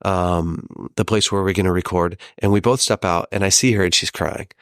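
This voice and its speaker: A man with a low voice speaks in an earnest, measured way, like a guest in a podcast interview. He sometimes acts out the lines of people he quotes. The sound is close and dry, with no room echo. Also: fairly even intonation. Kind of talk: reflective conversational interview.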